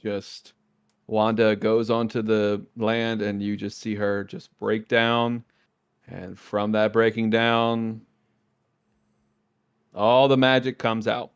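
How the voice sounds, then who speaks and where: A lowish, smooth-voiced podcast co-host takes his time, leaving long pauses as he recaps a TV episode. The chat is casual, and he's animated, performing the characters' lines while he retells scenes.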